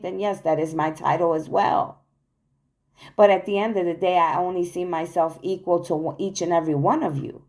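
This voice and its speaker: Woman with a low voice, delivering a spiritual address straight to camera on a phone, earnest and accusatory. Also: darkish tone. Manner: earnest, accusatory, repetitive declarations. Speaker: spiritual channel host. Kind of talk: spiritual monologue to viewers.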